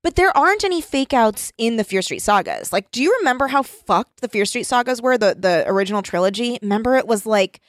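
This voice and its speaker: A woman's voice: on the high side, expressive, a little fast, few pauses, dry recording, studio quality. A woman co-hosting a casual chat, talking loosely with lots of fillers and giggles. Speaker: podcast co-host.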